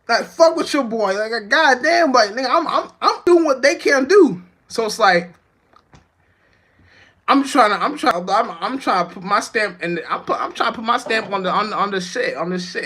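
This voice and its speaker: A man's voice: on the high side, bright, forceful tone. A young man, a rapper, chatting loosely to viewers on a livestream, often losing his train of thought and swearing freely. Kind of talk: rambling casual livestream chat.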